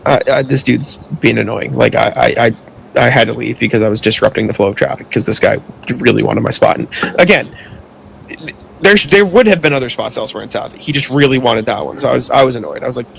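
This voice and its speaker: Gravelly young man rambling through a story. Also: mid-range voice, quick pace, fairly bright tone, a little hiss or hum. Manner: rambling, heavy use of filler "like", swears when annoyed. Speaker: podcast co-host. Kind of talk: casual storytelling chat.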